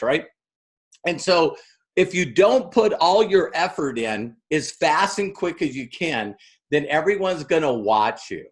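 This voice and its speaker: A man delivers a motivational business training talk, animated as he tells stories and acts out other people's lines. His voice sits a little high.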